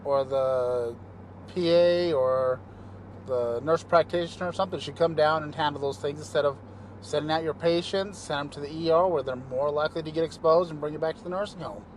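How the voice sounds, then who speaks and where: Vlogging casually while he drives, this paramedic chats to the camera and keeps drifting off with filler words. His slightly high voice moves briskly, and a faint hiss or hum is audible.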